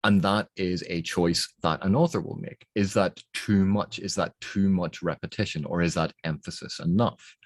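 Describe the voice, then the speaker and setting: A man's voice: deep voice, steady tone, normal speed, few pauses, dry recording. A man explaining editing techniques on a novel's text, thinking aloud in a methodical way. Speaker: book reviewer.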